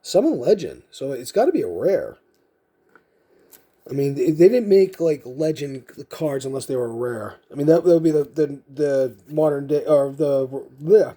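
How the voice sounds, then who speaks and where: Sorting through his collectible cards, a man vlogs casually, thinking aloud in a rambling, self-mocking way as unscripted commentary. His voice is a little high and animated, with a dark tone, and he talks at normal speed.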